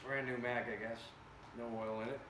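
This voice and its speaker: A man's voice: medium pitch, flat delivery, normal speed. A man testing air guns in his workshop and chatting to viewers with joking asides, recorded by a camera set far away. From America. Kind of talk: casual workshop vlog. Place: indoor workshop. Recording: echoey room, background noise.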